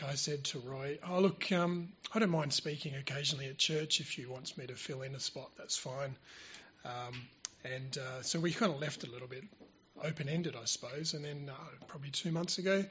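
A man's voice: fairly high pitch, normal speed, fairly bright tone, muffled recording, slight background noise. A man giving an informal presentation at church, speaking into a microphone held close, with frequent fillers and restarts. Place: church hall. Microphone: handheld microphone held close.

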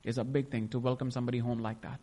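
A young man gives an emotional, rambling faith testimony, often stopping to restart his sentences. His mid-range voice races along with little pitch movement and a dark tone, and the sound carries the echo of a big room.

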